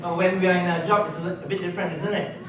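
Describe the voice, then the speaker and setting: A man giving a sales seminar to a live audience, constantly checking in with quick questions. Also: high-pitched, fairly even intonation, distant mic, background noise. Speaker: sales trainer. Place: large hall with an audience. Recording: echoey hall, mic from afar, audience.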